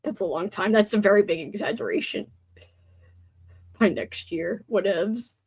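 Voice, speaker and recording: A woman's voice: medium pitch, normal speed, darkish tone, breathy edge. A woman hosting a livestream, chatting casually, reading viewer comments aloud and grumbling with playful swearing. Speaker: livestream host.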